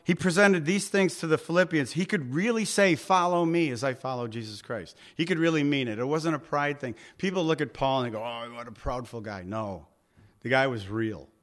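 A man's voice: fairly high pitch, a little fast, fairly bright tone. Man preaching a conversational sermon. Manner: earnest, conversational preaching with rhetorical questions. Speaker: pastor.

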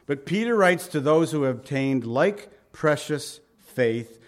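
Middle-aged male pastor, conversational sermon, slightly high voice, asks the room questions.

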